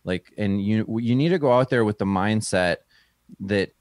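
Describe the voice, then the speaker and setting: Excited man telling a story. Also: normal speed, no room sound, clean studio sound. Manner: animated storyteller, acts out quotes in a higher voice. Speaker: stand-up comedian, guest. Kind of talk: casual interview storytelling.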